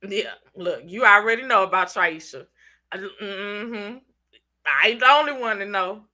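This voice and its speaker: Bright, chatty Southern woman. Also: mid-range voice, unhurried. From Southern United States. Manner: chatty, slangy, teasing viewers by name. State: congested. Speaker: channel host reading live chat. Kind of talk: casual live-stream chat.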